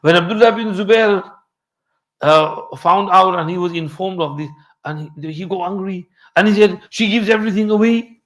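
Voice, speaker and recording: A man's voice: high-pitched, normal speed, fairly bright tone. Man teaching Quran commentary. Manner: storytelling, mixing in Urdu and Arabic terms. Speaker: Islamic teacher.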